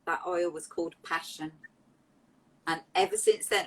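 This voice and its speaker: A woman, an interview guest telling personal stories in a heartfelt, emotional, animated way. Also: mid-range voice, moderate pace, husky, low-quality recording. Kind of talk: candid interview storytelling.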